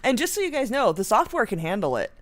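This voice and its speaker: A woman's voice: on the high side, sing-song, quick pace, over a noisy crowd. Teasing woman reading the chat. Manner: teasing, laughs often. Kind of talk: live-streamed trivia banter.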